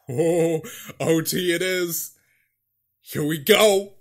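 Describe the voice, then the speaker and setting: A man's voice: fairly high pitch, slow, pauses often. A young man commentating his own hockey video game, out of breath, nervous and pleading, calling the plays like a broadcaster. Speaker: gaming YouTuber playing a hockey franchise.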